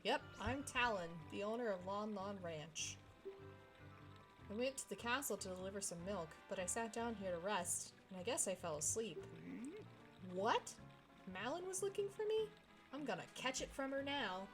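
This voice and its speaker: A woman voicing a sleepy, gruff old rancher with a Southern US drawl. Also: medium pitch, lively intonation, moderate pace, lightly acted. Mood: sheepish. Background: video game music.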